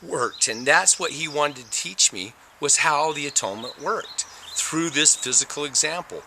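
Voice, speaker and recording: A man giving a personal testimony about a near-death experience, telling it in an animated way and acting out the moments. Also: a little high, normal speed, noisy background.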